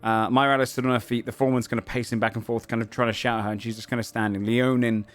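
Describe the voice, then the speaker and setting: As game master narrating a tabletop game, a man speaks casually and rapid-fire in a mid-range voice with little pitch movement. His lines are full of "um" and hedging "kind of."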